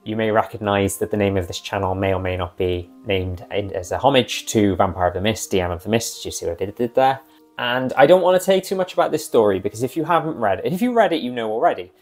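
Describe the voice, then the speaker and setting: Man, low voice, casual rambling talk, faint background music. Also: lively intonation, fast talker, darkish tone. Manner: chatty and rambling, with asides. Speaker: game master and channel host. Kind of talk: casual talk about a tabletop game character.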